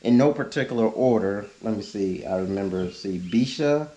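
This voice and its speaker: A man's voice: fairly low pitch, animated, moderate pace, dark tone, dull audio. A man, chatting casually on his car vlog, reading out viewer suggestions with laid-back joking asides. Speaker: YouTube car vlogger.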